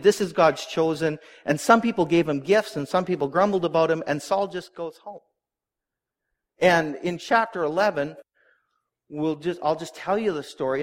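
A man preaching a sermon, retelling a Bible story in a conversational way and briefly acting out the characters' lines. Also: fairly high pitch. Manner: conversational storytelling, acts out voices. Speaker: pastor.

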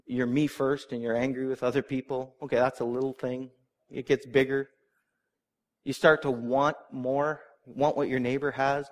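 A middle-aged man preaching a sermon, earnest and animated, with asides to the congregation. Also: medium pitch. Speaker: pastor.

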